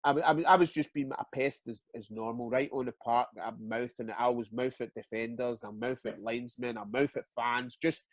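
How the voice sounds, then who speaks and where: Chatting casually in an interview, a Scottish ex-footballer tells stories, swearing often and stumbling into repeated words. He has a medium-pitched, steady voice at a moderate pace with few pauses, and the recording is dry.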